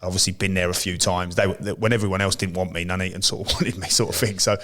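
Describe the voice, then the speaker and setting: Man, English accent, very low pitch, fast, casual rambling chat. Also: steady tone, a bit bright. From England. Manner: rambling, full of restarts and quoted dialogue. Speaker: podcast co-host, ex-professional footballer.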